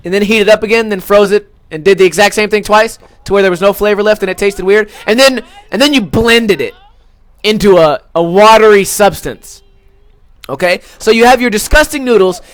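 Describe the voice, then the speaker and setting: With a high voice and no room sound, a young Las Vegas podcast host rants about food for laughs. The talk is casual, crude, exaggerated and thick with fillers.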